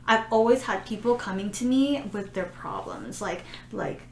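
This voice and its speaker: A woman's voice: mid-range voice, lively intonation, moderate pace. A woman co-hosting a podcast, telling stories in a rambling casual way packed with "like" and acted-out quotes, at home. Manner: rambling storytelling full of "like", acting out quotes. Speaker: podcast co-host. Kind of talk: casual chat. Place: room at home. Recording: roomy echo with faint noise.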